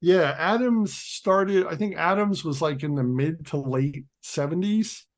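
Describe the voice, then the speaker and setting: A man's voice: a little high, unhurried. A man co-hosting a casual chat about comics, rambling with restarts and lots of "like". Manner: rambling, restarts, many likes. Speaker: co-host.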